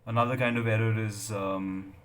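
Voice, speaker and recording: A man's voice: fairly low pitch, little pitch movement, moderate pace, fairly bright tone. A middle-aged man, giving a lecture on academic writing with many fillers and checks of "right?". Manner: hesitant, many fillers and tag questions. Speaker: English lecturer.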